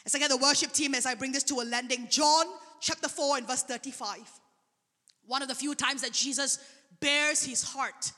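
A woman preaching a sermon, telling a testimony in an animated way. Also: high voice, normal speed. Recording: long hall reverb.

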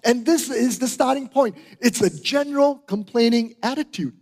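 This middle-aged Singaporean pastor has a very high, gravelly voice with a darkish tone, speaking at normal speed. His sermon, echoing with hall reverb, is emphatic, repeating key phrases and often asking "right?" and "okay?".

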